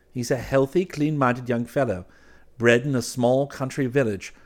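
A man reading an audiobook, voicing an excitable, chatty young male artist in a raised, eager tone. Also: medium pitch, pitched above the performer's own voice, lightly acted.

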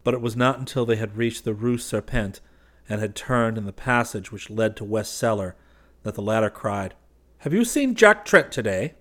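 Male audiobook narrator, lowish, measured delivery. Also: flat delivery.

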